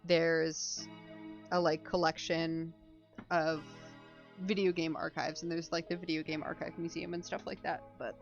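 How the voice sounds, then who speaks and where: Woman, young adult, casual stream chat, rambling, lower voice, faint background music. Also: flat delivery, a little slow. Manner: chatty and rambling, with many fillers. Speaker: streamer host. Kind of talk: casual live-stream chat, reading a game aloud. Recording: slightly muffled stream audio with faint music.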